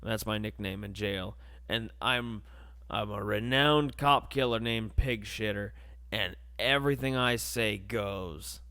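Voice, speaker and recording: A man's voice: on the low side, slow pace, clear, resonant tone. A young man hosting a podcast, telling a crude comedic story and acting out the voices. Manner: animated, crude, acts out voices. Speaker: podcast host.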